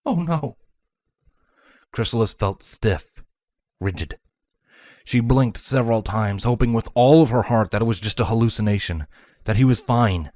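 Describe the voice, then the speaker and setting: Man, very deep voice, measured dramatic story narration, dry close sound. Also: darkish tone, no echo. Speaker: fanfiction reader.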